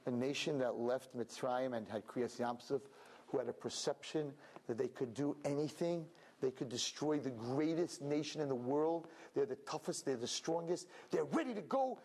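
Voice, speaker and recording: A man, a rabbi, giving an animated and emphatic sermon in which he acts out quoted speech. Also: mid-range voice. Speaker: rabbi preaching.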